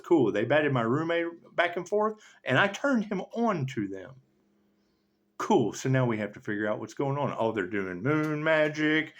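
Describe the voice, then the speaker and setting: Animated, profanity-laced man rambling. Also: medium pitch. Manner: profane, laughs often, swings between loud and muttered. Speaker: tarot reader. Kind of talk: rambling spiritual monologue.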